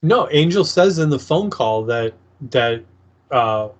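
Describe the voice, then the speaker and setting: A man's voice: medium pitch, animated, takes it slowly. A man co-hosting a podcast, casually chiming in to correct and add episode details. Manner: laid-back, chimes in with corrections and laughs. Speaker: podcast co-host. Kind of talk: casual chat.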